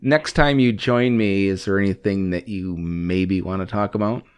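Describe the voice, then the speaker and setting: A podcast host in casual chat on a call, animated and playful, laughing often. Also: deep voice, normal speed, clear, resonant tone, dry recording. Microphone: call audio.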